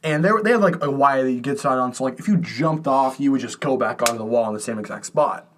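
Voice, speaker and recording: A man's voice: fast, a little hiss or hum. Laughing young man telling stories. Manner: animated storytelling, laughing, pitch jumps when excited. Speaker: podcast co-host. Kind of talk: casual chat. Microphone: podcast microphone.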